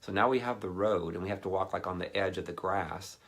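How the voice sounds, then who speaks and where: A man's voice: deep voice, fairly quick. A man giving a casual, rambling sermon, telling a personal anecdote and acting out what others said. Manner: rambling anecdotal delivery with animated quoted voices. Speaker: ministry speaker.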